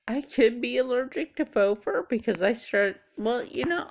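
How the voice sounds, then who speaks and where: A woman's voice: fairly high pitch, sing-song, moderate pace, gravelly, few pauses. A tired middle-aged woman chatting casually to camera, rambling and musing aloud. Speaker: vlogger. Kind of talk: casual chat.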